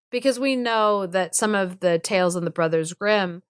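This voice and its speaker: A woman's voice: mid-range voice, steady tone, moderate pace, few pauses, clean tone, no room sound, clean studio sound. Chatty, joking woman podcast host. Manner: chatty, joking, filler-heavy. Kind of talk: casual chat retelling a fairy tale.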